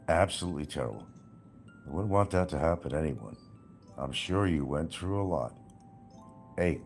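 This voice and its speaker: Deep-voiced male streamer, scornful and profane, laughing at his target, faint music behind. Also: gravelly. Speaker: livestreamer. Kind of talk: livestream rant.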